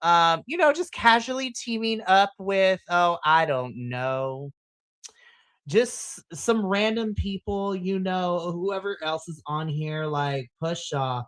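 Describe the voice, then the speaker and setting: A woman hosting a wrestling podcast in casual chat, animated and gushing, laughing often. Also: fairly low pitch, slow, dry recording.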